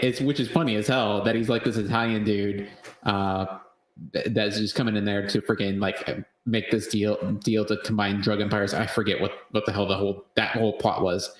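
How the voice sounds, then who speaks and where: Male podcast co-host, low-ish voice, rambling casual delivery, echoey room sound. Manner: rambling, full of fillers and restarts; swears freely. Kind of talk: casual movie-review chat.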